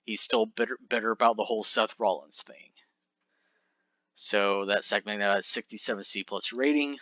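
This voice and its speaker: Man, casual game recapper, rambling with "you know"s, bright tone, muffled dry home recording. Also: medium pitch, dry recording. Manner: rambling, filler-heavy. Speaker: game commentator. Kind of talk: casual play-by-play recap of a wrestling sim.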